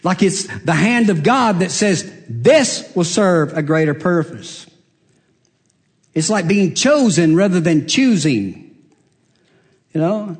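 Earnest man preaching with dramatic hushes. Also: big pitch swings, slow pace, long pauses. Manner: emphatic, rising high then dropping to near-hush; earnest and confessional. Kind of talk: sermon.

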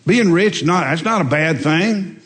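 A man preaching a sermon, telling folksy stories and swinging between loud emphatic lines and quiet asides. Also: on the high side, expressive, measured pace. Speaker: pastor. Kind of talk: sermon with storytelling. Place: church sanctuary. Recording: long reverb in a large hall.

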